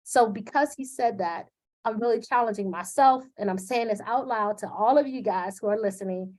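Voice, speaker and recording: A woman's voice: a little high, normal speed, a little mellow. A woman speaking live into her computer camera, candid and emotional, with many fillers. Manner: earnest, emotional, with frequent fillers. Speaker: live video host. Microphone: webcam on a computer.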